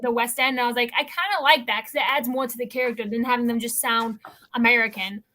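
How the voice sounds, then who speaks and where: Young woman, host, bright sharp voice, casual rambling chat. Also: on the high side, steady tone, fast. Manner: chatty, rambling, lots of "like" fillers.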